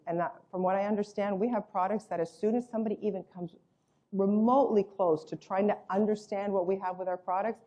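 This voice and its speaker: A woman with a fairly low, warm voice and muffled highs presents a network marketing business and its products. She speaks emphatically, piles on superlatives, and acts out quoted voices like a storyteller in this sales pitch.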